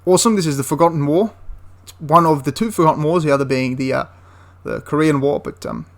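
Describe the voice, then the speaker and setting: A man's voice: a little high, fast talker, creaky. Enthusiastic rambling man reviewing a game. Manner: enthusiastic, rambling with restarts and asides. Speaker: wargaming reviewer. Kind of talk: casual spoken review.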